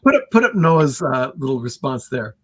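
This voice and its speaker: A man's voice: medium pitch, sing-song, moderate pace, fairly bright tone, breathy edge, no room sound. A man co-hosting a casual livestream chat, mostly chiming in with short remarks. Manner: brief interjections. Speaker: co-host.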